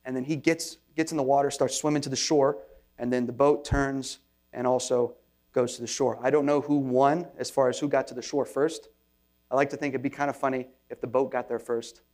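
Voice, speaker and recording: A man's voice: mid-range voice, little pitch movement, a little fast, darkish tone. A man preaching as a pastor in an informal, conversational sermon, with self-deprecating asides and frequent restarts.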